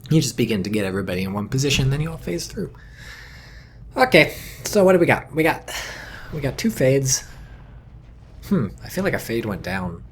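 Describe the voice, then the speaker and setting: A man giving casual solo commentary on a competitive video game, rambling and dropping deadpan jokes. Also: medium pitch, a little fast, long pauses, a little hiss or hum. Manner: rambling, deadpan jokey asides. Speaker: esports caster.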